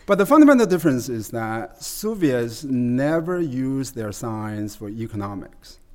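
A man as guest expert, explaining at length in a conversational interview, halting with many fillers and restarts. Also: mid-range voice, sing-song, darkish tone.

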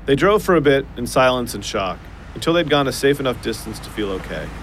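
Man, podcast narrator, scripted narration, dry understatement, middle pitch, lively intonation. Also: a little hiss or hum. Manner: measured storytelling with dry understatement.

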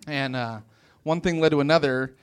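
A man's voice: fairly high pitch, normal speed, clear, resonant tone. A man from West Virginia doing a rambling, self-deprecating stand-up set in a comedy club, slipping into playful put-on voices.

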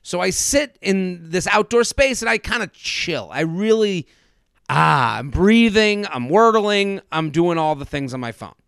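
A man in his thirties hosting a podcast, telling a comedic story in an animated way and acting out other people's lines. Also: sits high, unhurried, creaky, smooth, no echo, clean studio sound. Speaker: podcast host. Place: studio.

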